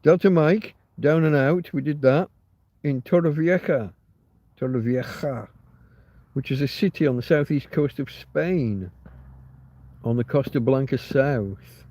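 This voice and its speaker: A man's voice: medium pitch, measured pace, dark tone, no echo. A man from England, hosting a rambling live chat and talking to himself as he works things out. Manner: musing, self-interrupting, easily puzzled. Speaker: livestream host. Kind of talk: rambling live chat, reading comments aloud. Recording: slightly dull, lo-fi stream audio.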